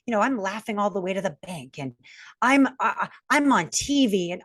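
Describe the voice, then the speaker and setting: Frank, animated woman telling her story. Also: medium pitch, moderate pace, dry recording, studio quality. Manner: frank and animated, acting out quoted voices. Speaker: guest, self-mastery coach. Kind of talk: candid personal storytelling.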